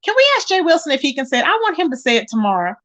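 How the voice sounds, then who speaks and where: A woman's voice: high voice, very fast. A woman hosting a casual live stream, chatting animatedly and reading viewers' comments aloud. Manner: animated, chatty, calls viewers "child" and "baby". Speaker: livestream host reading chat. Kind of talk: casual chat.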